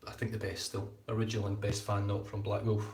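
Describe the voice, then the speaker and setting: A man's voice: lowish voice, monotone, quick pace, a little mellow, far from the mic. A man hosting a casual live-stream shaving chat, rambling and repeating his words as he talks. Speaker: shaving channel host. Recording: echoey room.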